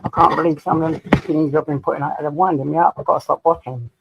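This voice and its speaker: A man's voice: on the high side, steady tone, quick pace, muffled recording, noisy background. An English man hosting a casual live stream from home, greeting viewers by name and chatting to them. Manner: chatty, addresses viewers by name, talks to his dog. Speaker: livestream host.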